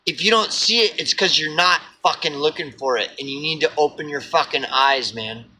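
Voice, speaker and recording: A man's voice: a little high, moderate pace, pushed and bright, husky, low-quality recording. A man from Oklahoma with an Oklahoma accent, giving a blunt, profane, preachy rant to camera and repeating himself for emphasis. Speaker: vlogger. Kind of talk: ranting monologue to camera.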